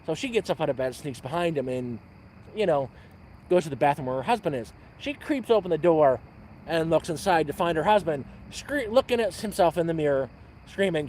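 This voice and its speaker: A man telling a dirty joke on a livestream at an outdoor campfire, rambling and repeating words, with loud sound effects. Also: fairly high pitch, expressive, brisk, a little hiss or hum. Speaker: livestream host.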